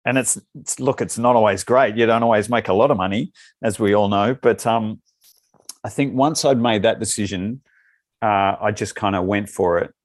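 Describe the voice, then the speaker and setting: A man's voice: lowish voice, steady tone, moderate pace, dry recording. A man with an Australian accent, talking as an actor guest in a casual interview and giving loose, rambling answers that circle back on themselves.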